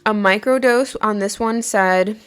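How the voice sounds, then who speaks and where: On her podcast, a woman tells a personal story in a relaxed, chatty monologue. Her medium-pitched voice is unhurried, smooth and slightly bright, and she peppers her speech with "like" while laughing along.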